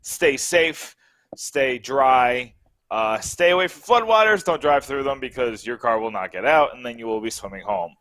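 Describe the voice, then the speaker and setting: A man's voice: medium pitch, animated, moderate pace, fairly bright tone, dry recording. A man co-hosting a sports podcast in casual, rambling, upbeat chat. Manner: rambling, upbeat, restarts often. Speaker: podcast co-host.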